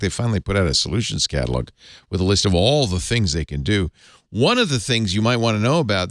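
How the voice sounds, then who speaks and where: Lively low-voiced male tech host. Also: no room sound, studio quality. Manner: lively, chatty, halting with many fillers. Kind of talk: tech news panel chat and live ad read.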